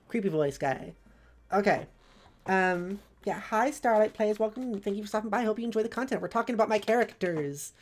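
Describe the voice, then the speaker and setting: Medium in pitch and darkish in tone, this streamer's voice carries loose, rambling live-stream chatter that skips from idea to idea.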